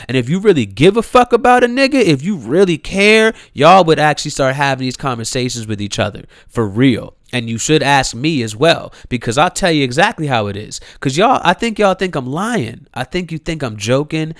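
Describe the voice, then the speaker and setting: A man in his thirties delivers a heated, incredulous rant to camera, swearing freely and repeating himself. His voice is medium-pitched, recorded in studio quality with no echo.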